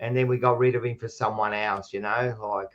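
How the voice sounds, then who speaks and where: A man's voice: lowish voice, steady tone, a little fast, muffled recording, crowd noise. A man hosting a casual footy podcast, rowdy and egging on the live chat. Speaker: podcast host.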